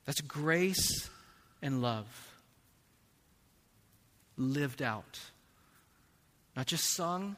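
A man preaching a sermon as pastor, slow and emphatic, swinging between hushed and loud passages. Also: fairly high pitch, animated. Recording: long reverb of a large hall.

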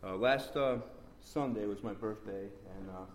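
A man with a lowish voice tells a church testimony in a loose, rambling way, circling back over the same phrases and now and then leaping into excited outbursts. The sound is roomy and echoey, with a faint hum of the space around him. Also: unhurried. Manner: rambling and repetitive, with sudden excited bursts. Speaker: church member giving testimony. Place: church meeting room. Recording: roomy echo.

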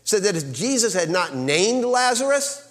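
A male pastor preaching a sermon, swinging between loud emphasis and hushed quiet and asking the congregation rhetorical questions. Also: high voice, big pitch swings, moderate pace, long reverb tail.

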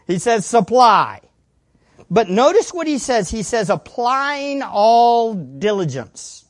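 A woman preaching a sermon, her pitch swinging widely as she drives each point home. She repeats key words for emphasis and throws questions out to the congregation. The sound is close and dry. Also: no room sound.

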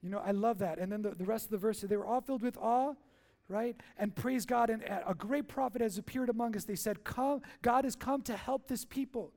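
A man's voice: sits high, brisk, gravelly, mellow. A man preaching a sermon as pastor in a church, playful and jokey, asking the crowd questions and answering them.

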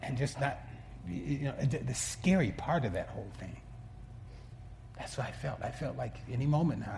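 A male pastor preaching a sermon in an earnest way, often restarting words and swinging between soft asides and emphatic peaks. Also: mid-range voice, animated, normal speed, vocal fry, slight background noise.

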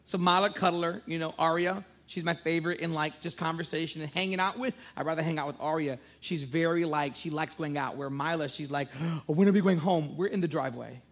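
A man's voice: fairly high pitch, fairly even intonation, brisk, few pauses, a bit bright. A man in his thirties, a pastor preaching a sermon, praying fervently and telling playful, joking stories about his family. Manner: playful, joking storyteller who prays fervently.

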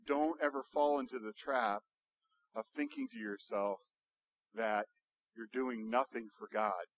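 A male pastor preaching a sermon, building to loud, emphatic rhetorical questions. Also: mid-range voice.

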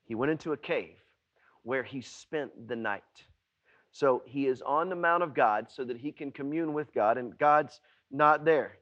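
A male pastor preaching a sermon, emphatic and repetitive, swinging between hushed and loud passages. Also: medium pitch, measured pace, highs cut off.

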